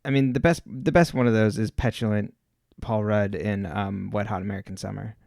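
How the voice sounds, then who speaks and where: A man's voice: fairly low pitch, fairly even intonation, fairly quick, vocal fry, darkish tone, dry recording, clean studio sound. A man co-hosting a podcast in casual chat, rambling and laid-back, with lots of fillers. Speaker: podcast co-host.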